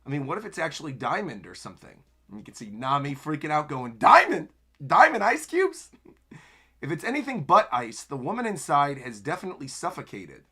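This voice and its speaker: A young man reacting live to a manga chapter, narrating the panels and breaking into excited exclamations. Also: fairly high pitch, fast talker, few pauses, husky. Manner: narrates panels while reading aloud. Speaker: anime streamer.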